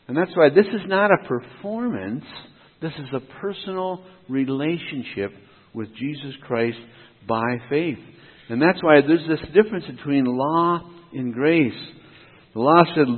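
A man's voice: mid-range voice, slightly rough. Man, pastor, sermon, emphatic rhythmic delivery, asks and answers himself, tinny lo-fi sound, long hall echo.

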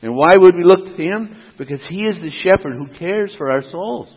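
A man's voice: high voice, lively intonation, normal speed, breathy edge. A man preaching a sermon in a rhythmic, emphatic cadence that sets one idea against another. His voice comes through thin and phone-like. A long reverb trails each phrase, as in a church hall. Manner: emphatic, rhythmic contrasts, asks and answers himself. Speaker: pastor.

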